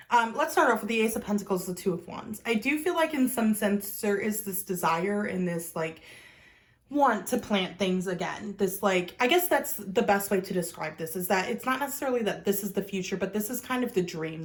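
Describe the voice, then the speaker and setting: A woman's voice: medium pitch, low-quality recording. Rambling woman giving a tarot reading. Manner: rambling, with many fillers. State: hiccups. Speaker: tarot reader. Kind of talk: casual pick-a-card tarot reading.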